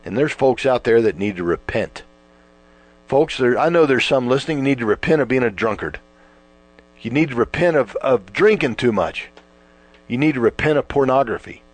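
Man, sermon, emphatic, very lively intonation, faint electrical hum. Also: mid-range voice, moderate pace. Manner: emphatic, rising and falling with stretched words. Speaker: preacher. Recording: mains hum behind.

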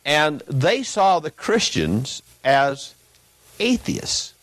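A man preaching an emphatic sermon in a church, reading a text aloud and swinging between loud peaks and low asides. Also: huge pitch swings, extremely slow, no room sound, low-quality recording.

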